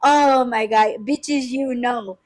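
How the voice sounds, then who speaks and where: A woman's voice: fairly high pitch, steady tone, slow pace, a little mellow. A young woman hosting a podcast, telling a profane story with lots of laughing. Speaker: podcast host. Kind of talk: casual chat.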